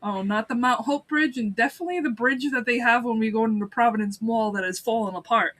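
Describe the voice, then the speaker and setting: A woman's voice: fairly high pitch, quick pace, a bit bright. A woman co-hosting a podcast who laughs often, swears and acts out quotes while recapping an episode on a video call. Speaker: podcast co-host. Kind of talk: casual recap chat.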